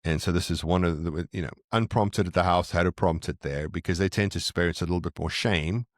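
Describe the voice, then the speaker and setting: A man's voice: sits low, fairly quick, no echo, studio quality. A middle-aged man guesting on a podcast, earnestly explaining and telling stories from his own parenting. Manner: earnest, reflective storyteller. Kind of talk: conversational interview, explaining.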